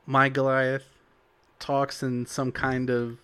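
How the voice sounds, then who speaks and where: A man's voice: mid-range voice, monotone, slow, sharp tone, clean tone. A young man co-hosting a casual talk about tabletop role-playing, rambling with lots of fillers. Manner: rambling, full of "like" and "you know". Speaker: podcast co-host.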